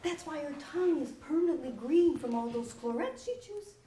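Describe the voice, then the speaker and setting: Animated Southern woman telling a stage story. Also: sits high, moderate pace, recorded from a distance, slight background noise. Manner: animated, self-mocking storytelling. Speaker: solo performer. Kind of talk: solo theater monologue. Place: stage of a small theater. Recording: roomy live theater recording.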